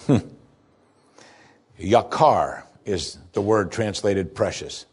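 A man preaching a sermon as pastor, expressive, rising for emphasis and dropping soft and low when quoting scripture. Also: slow, slightly rough.

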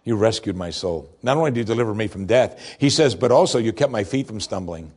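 Husky guy preaching, goes big then drops real soft on the verses. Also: fast talker. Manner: expressive, swings from raised emphasis to soft low tones. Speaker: pastor. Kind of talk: sermon.

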